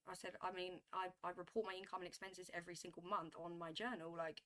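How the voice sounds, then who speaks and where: A woman telling a story to camera in a vlog, animated and emphatic, repeating herself as she builds a point. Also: on the low side, fast talker. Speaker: vlogger.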